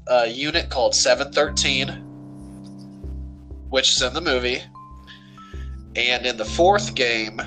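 Bright-voiced man recapping a movie. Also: medium pitch, low-quality recording. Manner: animated, storytelling recaps. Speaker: movie reviewer. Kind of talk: casual chat.

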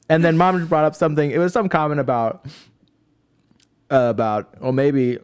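A man's voice: fairly high pitch, fairly even intonation, moderate pace, a little mellow, clear, resonant tone. A young man telling a story in casual chat as a podcast co-host, laughing often.

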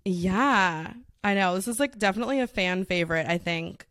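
Chatting casually as a podcast co-host, this young woman laughs quickly and keeps dropping "like" into her sentences. The voice sits in the mid-range, a bit bright, with no echo.

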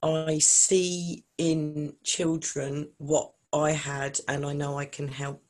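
Expressive middle-aged Englishwoman. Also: sits low, takes it slowly. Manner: animated, expressive, acts out other people's lines in quotes. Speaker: singer and vocal coach, guest. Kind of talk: emotional conversational storytelling.

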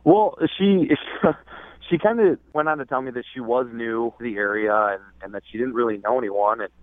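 A caller phones in and tells his story hesitantly, with lots of fillers. His voice is medium in pitch at normal speed, heard over a tinny phone line.

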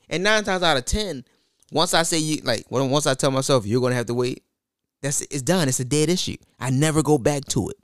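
A man with children, in casual chat, blunt and profane, telling stories with lively delivery. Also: medium pitch, fairly quick, smooth, no room sound, clean studio sound. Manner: blunt, profane, animated, laughs at his own jokes.

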